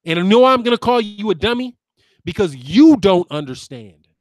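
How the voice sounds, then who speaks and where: A man's voice: sits high, very animated, moderate pace, no room sound. A man in his fifties, a lawyer hosting a boxing channel, ranting back at viewers with combative, sarcastic name-calling. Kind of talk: ranting commentary replying to viewers.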